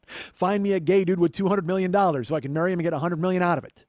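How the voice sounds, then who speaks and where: A man's voice: high-pitched, fairly even intonation, very fast, a little mellow, no echo. A man in his forties hosting a podcast, telling a long comic story with profane, self-deprecating asides. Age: 40s. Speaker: podcast host. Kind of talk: comedic storytelling monologue.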